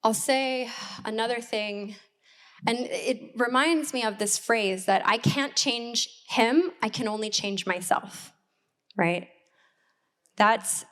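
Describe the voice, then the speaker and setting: Slow-speaking woman pastor, higher voice. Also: fairly bright tone. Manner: candid and personal, with reflective pauses. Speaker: assistant pastor. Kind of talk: sermon. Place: church hall.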